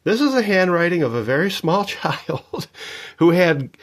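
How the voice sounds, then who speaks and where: Man in his fifties, lively chatty vlog voice, slightly high, animated, jokey asides. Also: measured pace. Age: 50s. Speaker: record collector vlogger. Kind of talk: casual show-and-tell vlog.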